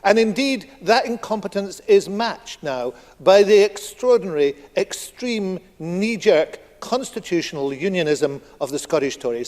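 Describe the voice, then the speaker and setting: Emphatic minister in an echoing chamber. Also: male voice, high-pitched, expressive, a little slow, hardly any pauses, a little mellow. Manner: emphatic, combative, rhetorical repetition. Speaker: cabinet secretary giving a ministerial statement. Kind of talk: formal parliamentary speech. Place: large parliamentary debating chamber. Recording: long reverb of a debating chamber.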